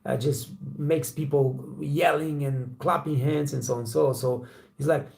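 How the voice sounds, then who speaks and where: Gravelly blunt man. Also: a little high, fairly even intonation, a little slow, a little mellow. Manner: blunt, profane, storytelling with acted quotes. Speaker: waiter trainer and channel host. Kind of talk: casual motivational talk to camera.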